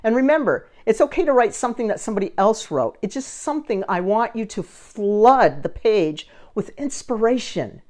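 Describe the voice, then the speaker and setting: Woman vlogger, casual storytelling, animated, pitch swoops up and down. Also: normal speed, hardly any pauses. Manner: animated, acts out the other people in her story. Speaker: vlogger running a social media page.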